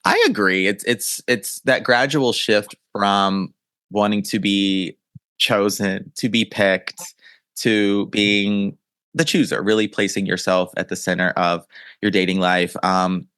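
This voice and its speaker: A man's voice: lowish voice, takes it slowly, fairly bright tone, clean tone, no echo, studio quality. A man hosting a dating podcast, chatting casually and readily agreeing with his guest. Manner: affirming, frequent agreeing murmurs. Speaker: podcast host and dating coach. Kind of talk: casual conversational interview.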